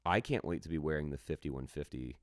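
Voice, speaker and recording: A man with a very low, smooth, resonant voice co-hosts a podcast in loose casual chat. He rambles through long tangents and drops swear words freely. The sound is dry and close to the mic. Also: brisk, no echo. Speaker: podcast co-host.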